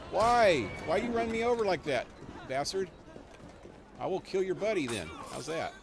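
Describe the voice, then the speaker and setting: A man chatting his way through a live gameplay stream, his voice swinging up and down with plenty of movement. He pitches a bit above the usual for a man and laughs often, cursing casually. A faint hiss sits under the sound. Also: very animated, moderate pace, vocal fry. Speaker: gaming livestreamer. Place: small home.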